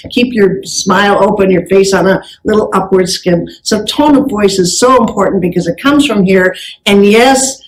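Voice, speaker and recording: On stage, a female business speaker with a mid-range voice delivers a motivational talk, recorded roughly. She tells anecdotes in a lively way, performing the dialogue herself.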